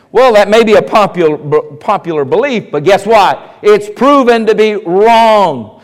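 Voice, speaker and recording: Animated high-voiced preacher man. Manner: animated, acts out skeptics in mocking voices. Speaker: pastor. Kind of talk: sermon. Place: church sanctuary. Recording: long reverb of a church hall.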